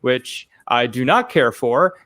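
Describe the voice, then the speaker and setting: A man's voice: mid-range voice, big pitch swings, slow pace, fairly bright tone. A man from Canada doing a stand-up set over a video call from his apartment, with a dry, sarcastic, self-mocking delivery. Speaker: stand-up comedian.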